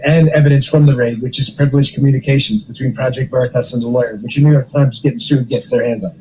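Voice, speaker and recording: A man's voice: medium pitch, steady tone, quick pace, few pauses, mellow, slight background noise, rough recording. A man hosting a podcast, giving blunt, sarcastic political commentary. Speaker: podcast host.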